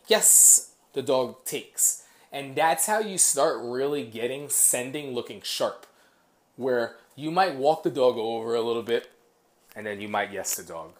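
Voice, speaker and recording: Rambling dog trainer explaining casually. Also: male voice, mid-range voice. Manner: rambling, many fillers and restarts. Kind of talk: casual instructional talk. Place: apartment.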